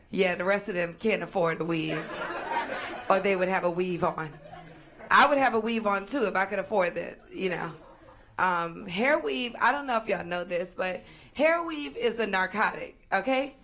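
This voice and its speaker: Bright-voiced woman working the crowd. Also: mid-range voice. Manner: loud, teasing crowd work. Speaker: stand-up comedian. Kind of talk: stand-up comedy with crowd work. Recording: noisy live show with crowd.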